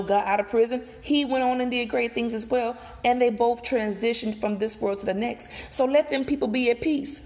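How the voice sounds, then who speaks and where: Emphatic, chatty woman vlogger. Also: a little high. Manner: emphatic, animated, repeats and addresses viewers directly. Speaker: gossip vlogger. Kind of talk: casual opinion commentary to viewers. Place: outdoors.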